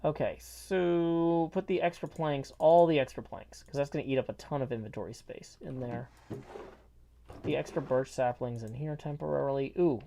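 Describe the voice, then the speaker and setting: A man's voice: mid-range voice, normal speed, vocal fry, mellow. A man chatting playfully while streaming a game, his voice muffled by a mask. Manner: rambling, playful, jokey asides. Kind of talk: casual livestream chat while gaming. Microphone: mask worn over the face.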